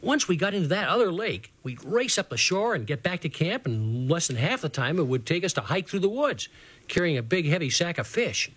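Middle-aged male storyteller, fairly high voice, very animated, reading a kids' adventure serial. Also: brisk, slightly rough, dry recording. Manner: lively, animated boyish first-person narration. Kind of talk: children's radio story reading.

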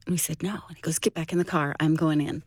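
A woman recounting a family rescue story in a halting, conversational way. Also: low-pitched, steady tone, darkish tone, no room sound, clean studio sound. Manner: halting, many restarts and fillers. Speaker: interviewee telling a rescue story. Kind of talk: personal storytelling.

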